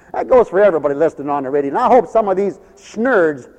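A man's voice: on the high side, expressive, a little fast, darkish tone, big-room sound. A man preaching a folksy sermon, laughing often between his points.

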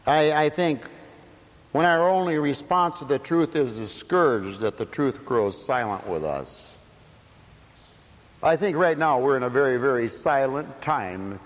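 A man preaching a sermon emphatically, dropping to quiet asides and rising to shouts. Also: fairly high pitch, lively intonation, a little slow. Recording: echoey hall.

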